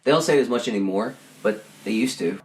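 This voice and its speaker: Brief: a man from Texas with a very low voice, casual podcast chat, stammering and repeating himself. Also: expressive, fast talker. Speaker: podcast co-host and actor.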